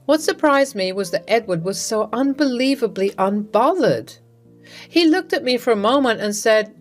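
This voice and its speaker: A woman reading a first-person story with a dramatic, expressive delivery. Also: fairly high pitch, moderate pace. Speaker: story narrator. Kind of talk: first-person scripted narration. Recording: narration over soft music.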